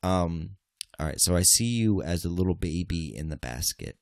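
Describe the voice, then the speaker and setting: A man's voice: low-pitched, lively intonation, normal speed, gravelly, no echo, studio quality. A man hosting a casual podcast, joking and swearing, with sudden mock-angry outbursts. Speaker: podcast host.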